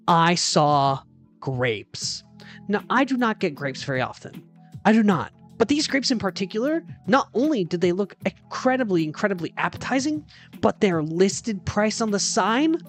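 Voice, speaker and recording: A woman streamer telling a story in a casual chat stream from a hotel room, exasperated and dramatic, swearing freely. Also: on the low side.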